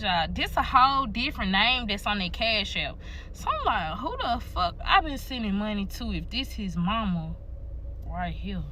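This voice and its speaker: Young woman, chatty profane storytime, bright tone. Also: a little high. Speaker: storytime creator. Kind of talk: casual storytime to viewers.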